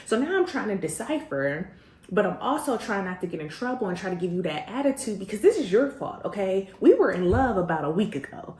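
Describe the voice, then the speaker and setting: Animated woman storyteller in a roomy space. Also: fairly low pitch. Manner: animated, slangy, acts out quoted voices. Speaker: host. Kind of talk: personal storytelling.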